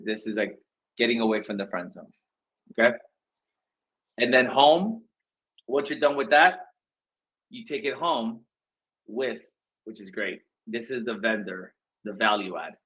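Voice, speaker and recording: A man's voice: measured pace, long pauses, low-quality recording. A man coaching real estate agents in a casual, slangy way, acting out phone script lines with big swings in his voice. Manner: energetic, slangy, acts out script lines with big pitch jumps.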